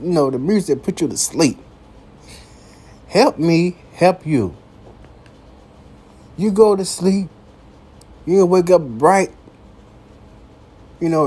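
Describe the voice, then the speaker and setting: A man hosting a late-night solo podcast, talking slowly and profanely and returning again and again to one catchphrase. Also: fairly high pitch, a little mellow, breathy edge. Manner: slow, profane, repeats a catchphrase; coughs now and then. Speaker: podcast host. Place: downtown building at night.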